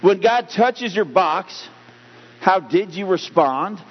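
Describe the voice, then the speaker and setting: A man preaching a sermon as pastor, animated, getting louder and slower to stress his points. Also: high voice, slightly rough. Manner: animated preaching, rising loud and slowing for emphasis. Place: church sanctuary. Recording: dull, humming church hall recording.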